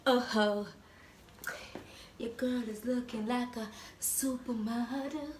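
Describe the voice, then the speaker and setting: Young Jamaican woman, slightly high voice, playful, animated vlog host. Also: slow, slight background noise. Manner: playful, animated, slips into patois. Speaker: vlogger. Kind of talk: casual vlog chat to camera.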